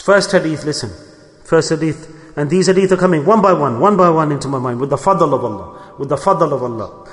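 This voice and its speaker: A man delivers a sermon in a slightly raised voice. He is animated and fervent, slipping into quick acted-out exchanges. The sound rings with the long reverb of a hall. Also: a little high. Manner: animated, rising to fervent emphasis, acts out short dialogues. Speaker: preacher.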